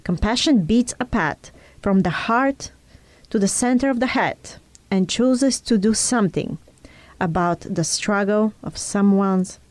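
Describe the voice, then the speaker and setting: A woman's voice: medium pitch, expressive, a little slow, dry recording. A woman in an earnest conversation, explaining ideas in a teaching tone and drawing on personal examples. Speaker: speaker in a conversation.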